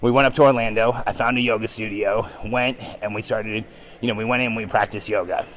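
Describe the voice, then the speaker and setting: Guy podcaster telling a story, fairly low voice, gets excited, says um a lot. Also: fairly quick, poor audio. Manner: animated, excitable retelling with frequent ums. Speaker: podcast host. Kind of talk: storytelling monologue.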